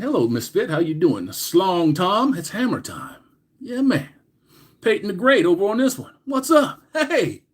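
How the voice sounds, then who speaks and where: A middle-aged man hosting a casual livestream, greeting chatters by name loudly and swearing crudely. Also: high-pitched, slightly rough. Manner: reads chat names aloud with loud greetings, crude swearing. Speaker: livestream host.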